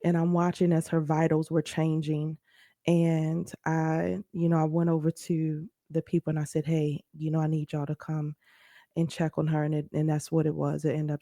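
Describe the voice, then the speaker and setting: A woman's voice: lowish voice, creaky, warm tone, no echo. Woman host, earnest teaching talk, dry close sound. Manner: earnest, conversational, speaks directly to listeners. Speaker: podcast host. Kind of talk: personal storytelling and teaching.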